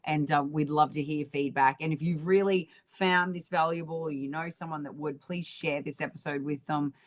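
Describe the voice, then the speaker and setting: A woman co-hosting a podcast in relaxed, casual chat, with many fillers. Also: low-pitched, moderate pace. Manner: relaxed, full of "um" and "you know". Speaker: podcast co-host.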